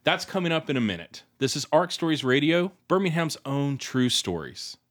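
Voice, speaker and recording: A man hosting a storytelling radio program, reading scripted links in a measured, polished way. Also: a little high, sing-song. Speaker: radio show host.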